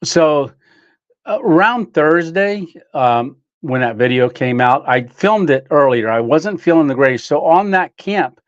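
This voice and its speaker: Chatty livestream host man, lively pitch. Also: unhurried, no echo, lo-fi sound. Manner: chatty, laughs often, greets viewers by name. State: slightly out of breath. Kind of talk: casual livestream chat. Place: home studio.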